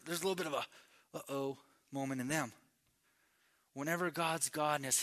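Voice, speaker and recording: A man from New Mexico preaching a sermon, telling a story with acted-out voices and swinging between loud and hushed delivery. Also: fairly high pitch. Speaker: pastor.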